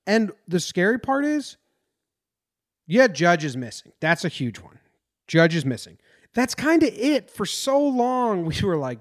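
A man's voice: high-pitched, big pitch swings, moderate pace. A man from New Jersey hosting a casual sports podcast, rambling and venting his frustration. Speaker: podcast host.

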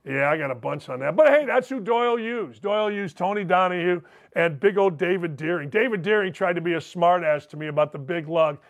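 Sitting high with lively intonation, this older sports radio host talks fairly quickly and hardly pauses. He delivers an opinionated rant, sarcastic and mocking, and reads out messages from listeners.

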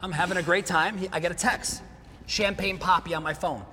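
High-voiced man telling a story in a roomy hall. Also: fairly quick. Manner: animated, retells quotes in lively bursts. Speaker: podcast host. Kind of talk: casual storytelling chat. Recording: roomy hall with faint noise.

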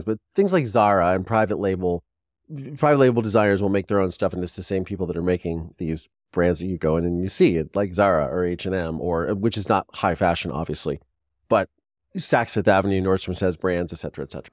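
A man in his forties, a podcast host, telling a casual rambling story with quick restarts and lively quoted voices. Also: low-pitched, dry recording, studio quality.

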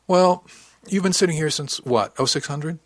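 A man's voice: fairly high pitch, normal speed, no room sound, pitched above the performer's own voice, lightly acted. A man voicing a wry, teasing female deck crewwoman in an audiobook. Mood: probing.

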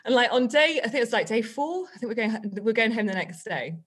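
A woman, a guest on a podcast, telling a story in a chatty, animated way and laughing often. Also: a little high, fairly quick, breathy edge. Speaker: guest author and teacher.

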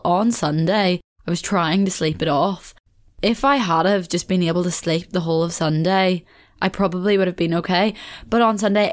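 Hosting a casual solo podcast, a young Belfast woman from Northern Ireland talks in a lower voice. She's chatty and rambling, laughs a lot and swears casually.

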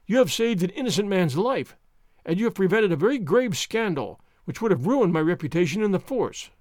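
A man reading the lines of a blunt, skeptical police inspector, gruff and impatient. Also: high voice, sing-song, fairly quick, darkish tone, no echo, studio quality. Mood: brusque.

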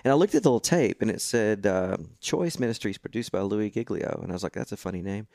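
Animated male storyteller, dry close mic. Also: on the low side, fast, vocal fry, no echo. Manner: animated storyteller, acts out quoted voices. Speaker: guest musician. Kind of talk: storytelling in casual chat.

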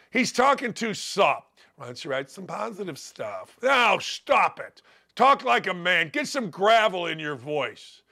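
An older man hosting a sports radio show, ranting bluntly and mockingly, his voice gravelly from days of yelling. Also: sits high. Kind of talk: opinionated sports radio rant.

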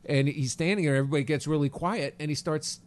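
A male comedian telling a rambling, animated story with restarts and curses. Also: on the high side, fast. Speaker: comedian guest. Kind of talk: comic storytelling.

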